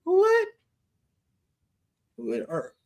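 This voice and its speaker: A man with a very high voice preaches through a Bible study with exuberant energy. His pitch swoops widely, and he shouts exclamations between joking asides. His tone is bright and forceful, yet he takes the words slowly. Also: huge pitch swings. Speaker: Bible teacher.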